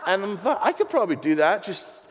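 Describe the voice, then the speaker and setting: A middle-aged man preaching a sermon, an animated storyteller with a self-deprecating, joking manner. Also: high-pitched, brisk, some chatter behind. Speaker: pastor. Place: church hall with congregation. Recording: long hall reverb.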